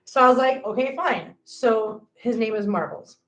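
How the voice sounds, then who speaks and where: A middle-aged woman hosting a casual live stream, chatty and animated, greeting viewers by name as she chats. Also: fairly high pitch, normal speed. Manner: chatty and animated, reads viewer comments aloud. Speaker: livestream host. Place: home, indoors. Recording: echoey room.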